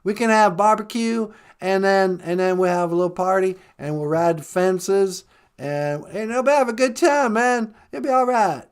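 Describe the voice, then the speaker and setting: A man's voice: high-pitched, normal speed, clean tone. A man doing a comedy impression of a rambling, stammering ex-president cowboy with a drawl. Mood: folksy. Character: folksy boastful ex-president cowboy, male.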